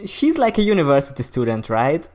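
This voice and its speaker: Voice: mid-range voice, huge pitch swings, brisk, a little mellow. Rambling podcast co-host full of fillers. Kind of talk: casual chat.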